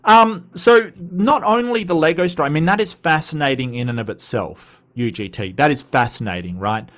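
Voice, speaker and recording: A man's voice: on the high side, normal speed, a bit bright. Chatty Australian man hosting a livestream. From Western Australia. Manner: chatty and rambling, with frequent asides. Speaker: host reading live chat. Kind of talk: casual livestream commentary.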